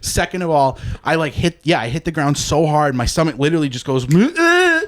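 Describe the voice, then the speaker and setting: A man's voice: a little high, fast talker. Man telling a profane story. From Canada. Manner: profane, animated storyteller, acts out quotes. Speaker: podcast host. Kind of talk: casual storytelling chat.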